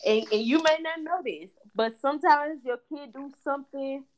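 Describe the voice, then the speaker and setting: Young woman guest, casual and expressive, does the voices when she quotes people. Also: high-pitched, moderate pace. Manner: expressive, laughs, acts out quotes. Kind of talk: casual chat.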